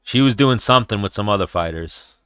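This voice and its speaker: A man's voice: on the low side, expressive, brisk, fairly bright tone, clear, resonant tone, no echo, clean studio sound. A man hosting a casual livestream chat while watching fights, blunt, profane and rambling. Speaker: podcast host.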